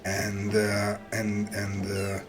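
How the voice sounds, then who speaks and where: A man running a tabletop game as game master, narrating in a low voice at a very slow, unhurried pace. He often stumbles and repeats words as he paints the scene. Music plays clearly behind him. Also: monotone, low-quality recording. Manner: halting, repeats words, vivid description.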